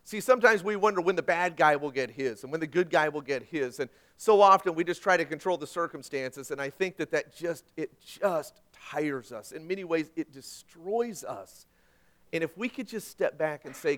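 A man's voice: on the high side, normal speed. Earnest man preaching a sermon. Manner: earnest preaching, trailing off softly at phrase ends. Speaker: pastor.

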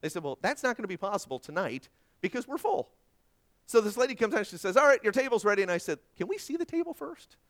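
A man in his thirties or forties preaching as a pastor, telling stories and acting out dialogue in between. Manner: animated storytelling with acted-out dialogue and sudden pitch jumps. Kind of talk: sermon.

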